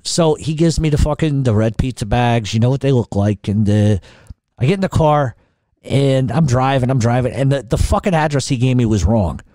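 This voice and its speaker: A man's voice: medium pitch, lively intonation, moderate pace, dark tone, no room sound. A middle-aged man telling a long story in casual, rambling, profane talk full of restarts. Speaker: podcast host telling a story.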